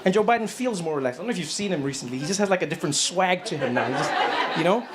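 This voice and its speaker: A man doing a stand-up comedy set, telling stories in an animated way and jumping into acted voices. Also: rapid-fire, heavy background noise. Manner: animated storytelling, acts out voices with loud high bursts.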